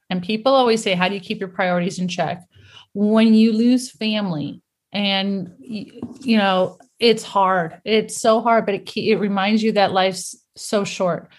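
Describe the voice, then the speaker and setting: Animated middle-aged woman telling stories. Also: medium pitch. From United States. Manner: animated storyteller, laughs often. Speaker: guest. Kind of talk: casual interview chat.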